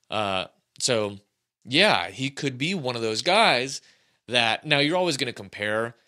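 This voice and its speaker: Animated guy ranting on his sports podcast, bright punchy voice, jokey and rambling. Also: on the low side. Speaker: podcast host. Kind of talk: casual sports podcast monologue.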